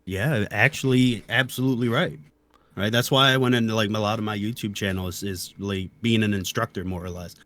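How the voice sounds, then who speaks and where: A man's voice: on the low side, steady tone, fairly quick, a bit bright. A young man chatting casually as an interview guest, laid-back, dropping "dude" and "you know". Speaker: interview guest, game player and video creator. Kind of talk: casual conversation.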